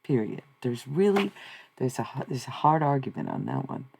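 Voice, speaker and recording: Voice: medium pitch, huge pitch swings, moderate pace, vocal fry, a little mellow, slight background noise. A live streamer rambling through spiritual musings, repeating questions and swearing casually. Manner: repetitive, searching, swears casually.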